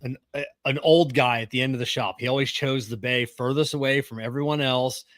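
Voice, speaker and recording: A middle-aged man co-hosting a podcast, talking casually and gruffly with plenty of swearing, close to the mic. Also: mid-range voice, steady tone, brisk, a bit bright, no echo. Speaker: podcast co-host. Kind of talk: casual chat.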